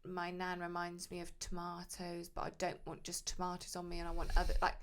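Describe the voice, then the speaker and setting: A young woman, a tattoo artist, chatting casually and telling lively stories. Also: lowish voice, brisk. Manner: chatty, animated storytelling. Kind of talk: casual chat.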